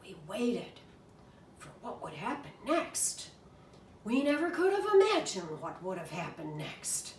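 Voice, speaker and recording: A woman reading a children's storybook aloud in an expressive, animated way. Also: medium pitch, measured pace, recorded from a distance, slight background noise. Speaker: reader. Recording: echoey room from afar.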